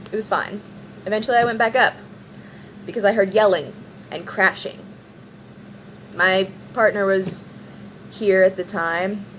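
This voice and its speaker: A woman's voice: mid-range voice, slight background noise, poor audio. A woman casually telling a long personal story in a vlog, rambling with lots of "like" and acting out what people said. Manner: rambling, animated retelling with many "like"s and acted-out quotes. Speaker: vlogger.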